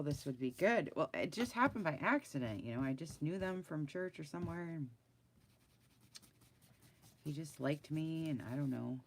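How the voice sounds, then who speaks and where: A woman's voice: very deep voice, creaky, darkish tone, a little hiss or hum. A middle-aged woman chatting bluntly and animatedly with live viewers from her desk while she draws, laughing often. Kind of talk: casual chat while drawing. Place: at a desk indoors.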